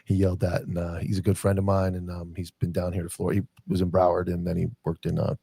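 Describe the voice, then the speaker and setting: A man hosting a casual podcast conversation, talking quickly and often chiming in with agreement. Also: deep voice, completely flat delivery, vocal fry, warm tone, husky, dry recording. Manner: rapid talker with frequent agreeing "yeah"s. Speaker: podcast host.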